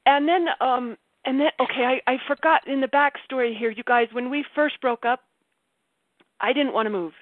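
A woman candidly telling a personal story on a group call, animated and laughing, often breaking off mid-sentence. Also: high-pitched, moderate pace, no room sound. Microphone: video call. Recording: tinny phone-like call audio.

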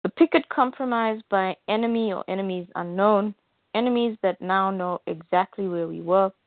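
A woman reading the lines of a steady male soldier who stays calm under pressure, in a plain read-aloud delivery. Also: medium pitch, normal speed, no room sound, lightly acted. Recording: phone-like dry audio.

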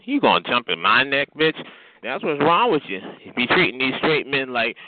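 A man's voice: big pitch swings, moderate pace, no echo. A man, ranting at someone on a phone chat line, cursing, taunting and repeatedly asking "okay?". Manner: pitch jumps up sharply when yelling. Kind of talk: heated phone rant. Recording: tinny phone line with hiss.

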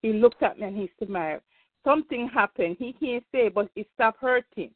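A woman's voice: a little high, lively intonation, normal speed, no room sound. An older woman, a grandmother, earnestly telling a faith story on a community call. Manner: earnest, emphatic testimony. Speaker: call participant sharing testimony. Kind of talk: casual storytelling. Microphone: phone or call line. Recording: tinny phone line.

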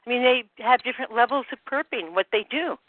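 A woman on a group phone call, slightly out of breath, talking in a halting way that trails off with many fillers. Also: fairly high pitch, animated, no echo. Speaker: call participant. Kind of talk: rambling phone call chat. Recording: dry phone-line audio.

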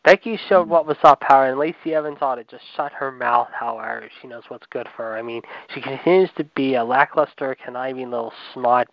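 A man's voice: medium pitch, a little fast, vocal fry, few pauses, no echo. Guy ranting on a wrestling podcast, rambly, keeps saying however, muffled dry mic. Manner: heated, rambling, repeats filler words. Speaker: podcast co-host. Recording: dull lo-fi dry sound.

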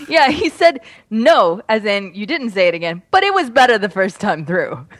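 A woman's voice: mid-range voice, sing-song, normal speed, no room sound, clean studio sound. A woman reading lines in a comedy script read-through, giggling and apologizing as she trips over them. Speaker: cast member reading lines. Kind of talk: joking banter during a script read-through.

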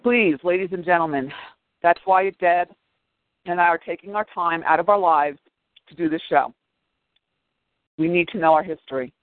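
A man with a slightly high voice speaks in an emphatic, impassioned way, reading history and rallying his listeners. The sound is dry and thin, like a phone call. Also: normal speed, long pauses, no echo. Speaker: podcast co-host. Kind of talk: reading history and plugging a podcast. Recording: dry, tinny phone line.

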